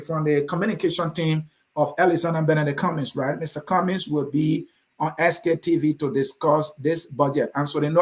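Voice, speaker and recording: Man, Liberian accent, political show host, combative, fairly high voice. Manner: combative, addresses commenters by name. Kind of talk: reading and answering viewer comments.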